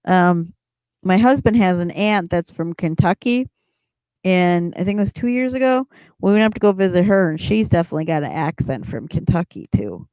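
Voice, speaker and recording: Chatty, rambling middle-aged woman, smooth voice. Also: lowish voice, expressive, moderate pace, a little mellow, dry recording. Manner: chatty and rambling, laughs often. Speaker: livestream host chatting with viewers. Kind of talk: casual chat.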